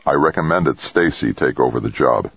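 A man's voice: rumbling low, expressive, normal speed, vocal fry, husky, no room sound, exaggerated voice. A man reading an audiobook, voicing a weary mission leader who speaks tightly and solemnly. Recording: dull dry lo-fi recording.

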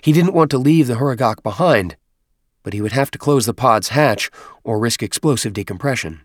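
A man reading a science fiction novel aloud in steady, measured audiobook narration. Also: medium pitch, dry recording, studio quality. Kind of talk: scripted narration.

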